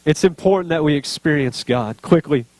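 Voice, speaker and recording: A male pastor delivering a heartfelt sermon, his voice sitting notably high for a man. He speaks earnestly and presses harder as his feeling grows. The sound is dry and close, with no room around it. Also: moderate pace, darkish tone, dry recording. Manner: earnest, rising to emotional intensity.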